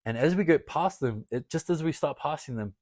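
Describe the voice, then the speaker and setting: A wrestler guest on a podcast, telling a story casually, swearing often and laughing between lines. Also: male voice, on the high side, expressive, brisk, darkish tone, dry recording. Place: podcast studio.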